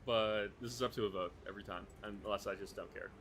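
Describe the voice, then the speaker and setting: A man's voice: fairly low pitch, steady tone, fast talker, background noise. A man streaming live, chatting casually while playing, rambling and swearing often.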